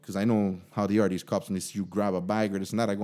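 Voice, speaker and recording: A man co-hosting a podcast, telling a story in loose, animated casual chat full of fillers. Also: fairly low pitch, very fast, hardly any pauses. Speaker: podcast co-host.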